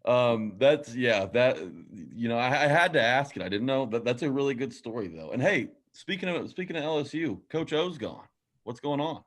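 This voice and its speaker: A man co-hosting a sports podcast, asking questions in a halting, amused way. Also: mid-range voice, animated. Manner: amused, laughs often, halting. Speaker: podcast co-host. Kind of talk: casual interview questions.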